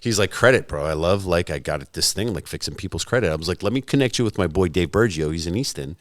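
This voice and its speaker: A man's voice: deep voice, expressive, fast talker, dry recording, clean studio sound. A man in his forties, a podcast guest in casual chat, swearing freely and acting out both sides of remembered conversations. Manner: profane, storytelling, acts out both sides of conversations.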